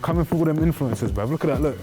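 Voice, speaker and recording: A man's voice: fairly high pitch, animated, very fast, music in the background. A man hosting in a slangy, joking casual chat. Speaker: host.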